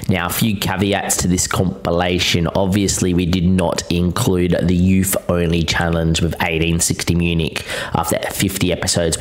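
A man with a very deep, low voice narrates a compilation intro. He delivers it calmly and evenly, like a scripted voice-over.

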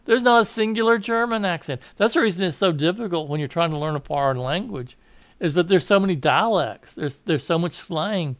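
A man's voice: high voice, a little fast, dry recording. A man with a Southern American accent giving a rambling political opinion monologue, often correcting himself and laughing at his own asides. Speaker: political commentator.

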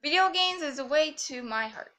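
A woman's voice: sits high, animated, moderate pace, pushed and bright. A woman rambling and joking through casual gameplay commentary. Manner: rambling, silly and jokey. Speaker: gamer.

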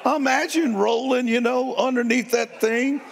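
An older man, preaching a sermon and telling stories in a folksy, playful way, with a gravelly, husky voice. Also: very high voice, a little slow, noisy background. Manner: folksy, playful, addresses crowd as y'all. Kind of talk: sermon storytelling. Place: church sanctuary. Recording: long hall reverb.

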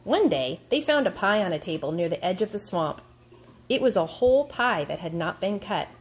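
A woman teacher reading a picture book aloud to her class, in a slow, expressive storytelling way. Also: on the low side, a little hiss or hum.

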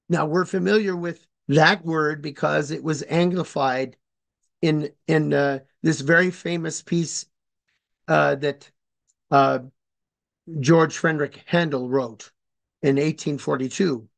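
Male lecturer, slightly high voice, unhurried and halting, explains carefully and spells words out. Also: vocal fry. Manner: hesitant and deliberate, many fillers and restarts. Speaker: speaker on religious history. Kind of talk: informal lecture.

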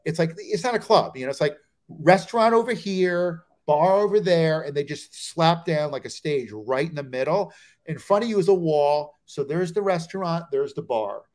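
A middle-aged man with a slightly higher voice tells a road story, bouncing between narration and snatches of quoted voices. He is from New Jersey and speaks as a comedian guest on a video call show. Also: lively intonation, moderate pace, darkish tone.

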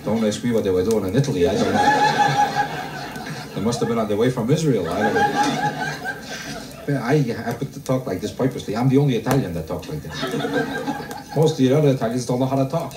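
Kvetching stand-up comedian, roomy live recording. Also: male voice, medium pitch, moderate pace, pauses often. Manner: deadpan kvetching delivery, rhetorical questions to the crowd. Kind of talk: stand-up routine before a live audience. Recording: roomy live club recording, mic heard from a distance. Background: audience laughter.

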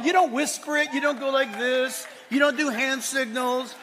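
A male pastor preaching a sermon, swinging between loud, emphatic declarations and quiet asides. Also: extremely high pitch, fairly even intonation, normal speed. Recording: long hall reverb.

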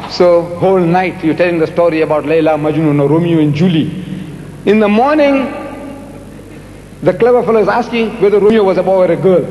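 An older man answering audience questions in a public debate, animated and rhetorical, repeating words for emphasis. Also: high-pitched, a little fast, dull audio, slight background noise. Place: large lecture hall. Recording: echoey hall with faint music.

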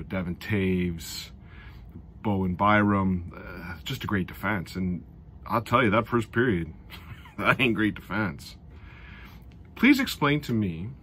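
A middle-aged man giving a casual recap of a hockey game, animated and sarcastic, often exasperated. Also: low voice, a little hiss or hum. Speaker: hockey fan commentator.

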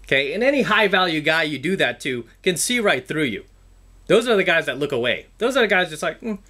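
A man's voice: on the high side, sing-song, brisk, bright, forceful tone. A man giving a blunt, profane motivational talk to camera, lecturing his viewers over and over. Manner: emphatic, repetitive, blunt and profane; lecturing, calls the audience "guys". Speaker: self-improvement vlogger.

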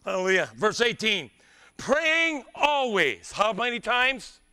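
A male pastor preaching with fervor, swinging from shouted lines to hushed, quiet passages. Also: high voice, very animated, slow pace, smooth. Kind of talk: sermon.

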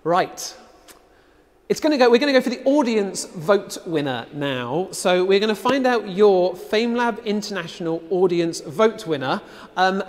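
A man's voice: high voice, big-room sound. A man hosting a live-streamed competition final, chatting casually with many ums. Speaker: host.

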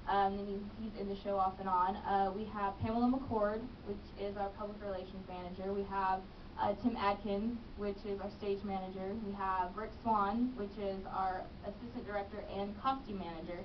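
A woman's voice: mid-range voice, fairly even intonation, normal speed, few pauses, background noise. A young woman, an actress and business manager, chatting in a radio interview and laughing easily. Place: radio studio. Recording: distant, muffled radio studio audio.

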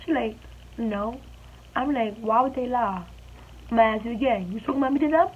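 A woman's voice: a little high, a little fast, slightly rough. A young woman vlogger telling a storytime in an emphatic, indignant way. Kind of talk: storytime vlog. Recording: dull lo-fi audio with faint hiss.

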